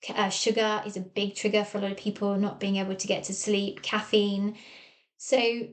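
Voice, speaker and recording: A woman's voice: medium pitch, level tone, moderate pace. An English woman with an English accent, a therapist hosting her own podcast from a small office and talking listeners through ideas in a coaching tone. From England. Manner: warm coaching tone, acts out quoted voices. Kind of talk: solo podcast talk.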